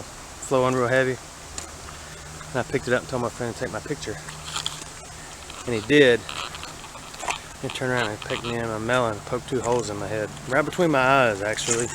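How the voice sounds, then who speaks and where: Southern man, casual creek-walk narrator, rambling and folksy, clear water noise behind. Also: medium pitch. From Alabama. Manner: rambling, folksy, thinks aloud about his finds. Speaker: vlogger exploring a creek. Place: outdoors wading in a city creek. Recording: outdoor camera audio with running water.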